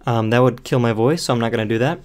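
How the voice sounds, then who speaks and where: Man, mid pitch, plain tone, reads a script straight through, dry asides, stumbles now and then. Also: fast talker, a little mellow. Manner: stumbles and stops to remark on the text. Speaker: online video host. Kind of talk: reading a film script aloud in one take.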